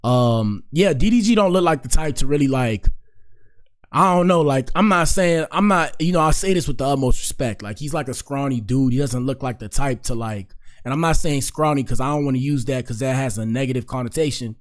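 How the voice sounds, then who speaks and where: A man with a brisk, mid-range voice hosts a podcast, rambling through casual commentary full of "like" and "you know" before turning to lecture his listeners earnestly.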